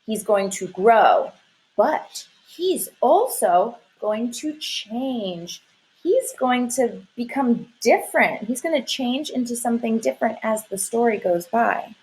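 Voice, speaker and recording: A woman's voice: a little high, expressive, takes it slowly, a little mellow, rough recording. A woman teacher leading a lesson for young children, sing-song and encouraging, stretching her words out.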